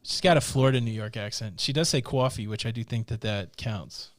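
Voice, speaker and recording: A man's voice: fairly low pitch, fairly quick, dry recording. Male host for a casual live-stream chat, playful and teasing, dry mic sound.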